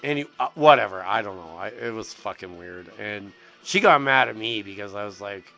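A gravel-voiced middle-aged man on the low side spins loose, profane stories, full of restarts and filler words. Faint music plays behind him. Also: expressive, fairly quick, bright, forceful tone. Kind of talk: rambling casual storytelling.

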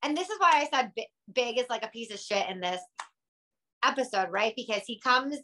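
Bright-voiced woman, blunt and emphatic. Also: on the high side, expressive, fairly quick. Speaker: podcast co-host. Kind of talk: casual TV recap chat.

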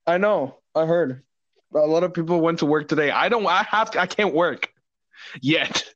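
A man's voice: a little high, normal speed, fairly bright tone, no echo. A young man hosting a podcast in casual chat, crude and jokey, swearing a lot. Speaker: podcast host. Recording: dull lo-fi sound, dry.

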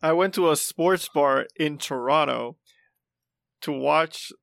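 A man's voice: fairly high pitch, slow pace, creaky, a bit bright, no room sound, studio quality. A man in his twenties telling stories in casual chat, stumbling over restarts and fillers.

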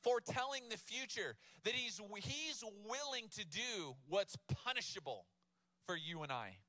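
A man in his thirties delivers a sermon with a casual, joking touch, turning scripture into lively everyday talk. His voice sits a little high and sounds bright and forward. The sound is close and dry. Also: measured pace, no room sound. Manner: casual, humorous, animated storytelling with laughs. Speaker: pastor.

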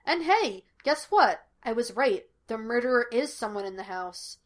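A woman reading the lines of an excitable, teasing young male detective who talks in quick banter. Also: a little high, natural voice. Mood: excited. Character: lively wisecracking young male psychic detective.

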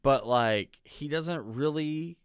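A man's voice: on the high side, takes it slowly, clear, resonant tone. A man co-hosting a podcast, casually retelling a film and acting out its lines with a lot of swearing. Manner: animated retelling with acted quotes, frequent profanity. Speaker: podcast co-host. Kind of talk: casual movie discussion.

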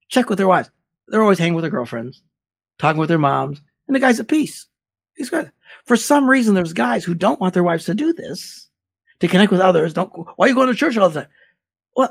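Guy with a high raspy gravelly voice, chatting away, blunt and lively. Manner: animated, blunt advice with laughs. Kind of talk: casual podcast chat.

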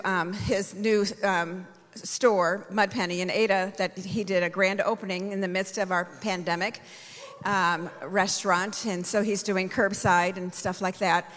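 A woman's voice: medium pitch, a bit bright. A woman apostle preaching a sermon, telling a personal story and rising into fervent praise. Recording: long hall reverb.

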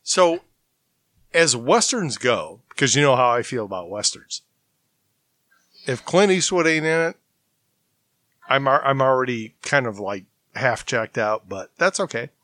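A man's voice: mid-range voice, expressive, a little slow, long pauses, sharp tone, dry recording. A man hosting a movie podcast in a laid-back, rambling way, chuckling often. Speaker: podcast host. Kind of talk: casual podcast chat.

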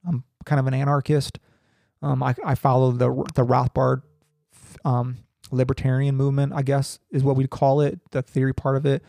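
Gravelly young man reading with ums. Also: medium pitch, level tone, mellow, dry recording, clean studio sound. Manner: halting, many ums and restarts. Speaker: podcaster reading and commenting. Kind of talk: reading aloud with casual asides.

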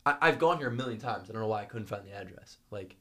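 A man's voice: fairly low pitch, expressive, fast talker, pushed and bright. A young man co-hosting a podcast in a studio, talking casually and animatedly, laughing often and swearing freely. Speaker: podcast co-host. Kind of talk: casual chat. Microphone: studio microphone.

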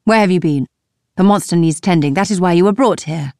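A woman's voice: on the low side, fairly quick, mellow, no room sound, studio quality, lightly acted. A woman narrator voicing an aging, bitter king who speaks harshly and gives commands. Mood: angry. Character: aging, angry, bitter king, older man.

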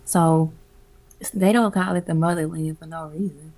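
A woman with a low voice and a gravelly, fry-edged texture talks casually as an interview guest. She tells her stories with animated emphasis, breaks into laughter often and drops casual swearing. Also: moderate pace. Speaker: guest, community music event organizer. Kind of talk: casual conversational storytelling.

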